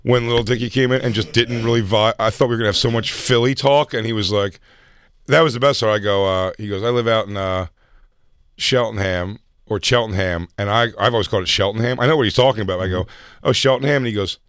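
A man's voice: lowish voice, fast talker, a bit bright, clean tone, dry recording, clean studio sound. A man co-hosting a casual podcast, telling rambling self-deprecating stories with swearing. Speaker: podcast co-host. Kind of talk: casual chat.

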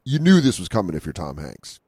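A man's voice: low voice, wildly swooping pitch, warm tone, slightly rough, no echo. A man co-hosting a comedy podcast, riffing casually with lots of swearing on a handheld studio mic. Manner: profane, riffing, quick impressions.

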